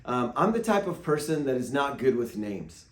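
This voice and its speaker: A man, a pastor, giving a devotional teaching in a lively way, acting out quotes with playful asides. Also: medium pitch, normal speed. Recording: echoey room.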